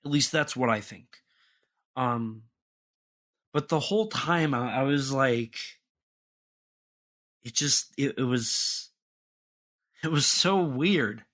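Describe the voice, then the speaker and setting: Young male podcast co-host, bright forceful tone, rambling chatty delivery full of restarts. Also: mid-range voice. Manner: rambling, halting, many restarts and fillers. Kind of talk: casual podcast chat.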